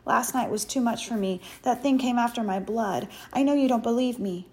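Scared boy near tears, high pleading voice, read by a woman. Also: brisk, mellow, lightly acted. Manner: panicky, pleading, raised voice.

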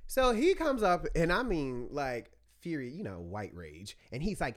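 An American man telling stories in a casual chat, animated and acting out quoted voices. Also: on the high side, a little fast. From United States. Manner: animated storyteller, acts out quotes.

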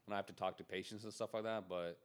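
A man's voice: on the low side, fairly even intonation, fast, smooth. A man in a casual podcast chat who laughs often and acts out what other people say. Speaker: podcast co-host.

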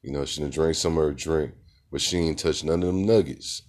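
A man's voice: a bass voice, a little fast, a little mellow. A middle-aged man and podcast host telling a casual story in a laid-back, rambling way, full of fillers.

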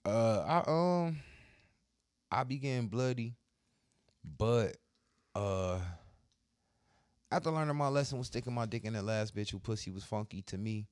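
Low-voiced man telling blunt profane stories. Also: lively intonation, a little slow, pauses often, dry recording, clean studio sound. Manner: blunt, profane, heated retelling of arguments. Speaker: podcast co-host; barber. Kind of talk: crude casual storytelling.

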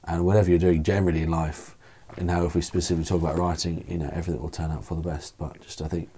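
A man's voice: deep voice, little pitch movement, rapid-fire, mellow, a little hiss or hum. A man talking as a guest in a casual podcast chat, thoughtful and meandering with many fillers.

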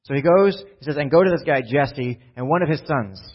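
A man's voice: on the high side, fairly quick, slightly rough. A male pastor giving a conversational sermon, often asking "right?" and acting out scenes from the text in voices. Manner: animated, often asks "right?" and acts out Bible scenes in voices. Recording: dull lo-fi sound.

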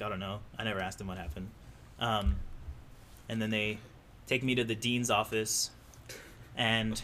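A young man casually telling a story to friends, animated and acting out the quotes. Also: fairly low pitch, a little hiss or hum. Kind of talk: casual chat.

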